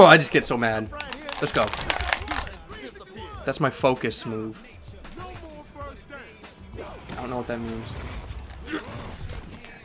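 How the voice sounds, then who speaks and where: Young male let's-player, plain mid voice, erratic: quiet asides, sudden loud rants, music bed behind. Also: medium pitch, very animated, slow pace, long pauses. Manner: swings from mumbling to yelling at the game. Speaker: gaming commentator. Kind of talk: let's play commentary. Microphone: headset or desk microphone.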